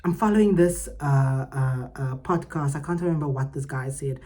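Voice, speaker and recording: A woman hosting her own podcast, giving heartfelt, emphatic motivational talk that swings between loud and soft. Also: extremely low pitch, normal speed. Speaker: podcast host.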